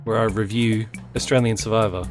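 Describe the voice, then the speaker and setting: A man's voice: on the low side, steady tone, fairly quick, over music. A man guesting on a casual podcast chat, teasing and playful with the others.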